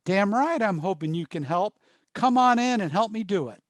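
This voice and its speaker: A man voicing an angry adult male smoker who shouts and curses with the swear words blanked out. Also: sits high, lively intonation, slow, no echo, clean studio sound. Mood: gruff. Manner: shouting, cursing with bleeped-out words. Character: angry grown man, a gruff heavy smoker.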